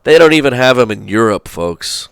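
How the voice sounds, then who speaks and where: A man's voice: mid-range voice, animated, normal speed, creaky, fairly bright tone, smooth, no room sound, clean studio sound. A man from hosting a trucking channel, talking in a rambling, folksy way with lots of fillers and asides. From Charleston, South Carolina. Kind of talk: casual rambling commentary.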